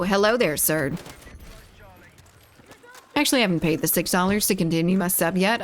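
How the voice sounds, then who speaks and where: A woman's voice: fairly low pitch, normal speed, pauses often, slight background noise. A woman live-streaming a shooter game, chatting playfully with her chat, reading messages aloud and teasing viewers. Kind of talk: casual live-stream chat while gaming.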